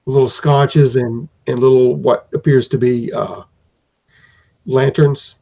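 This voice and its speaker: A man's voice: medium pitch, steady tone, slow, creaky, dark tone. A man acting as game master, narrating a tabletop game in a rambling, descriptive way on a dull lo-fi recording.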